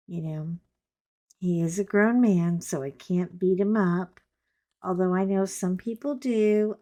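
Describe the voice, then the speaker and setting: A woman's voice: on the low side, mellow. A middle-aged woman chatting casually while she colors, rambling with joking asides. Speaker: coloring vlogger.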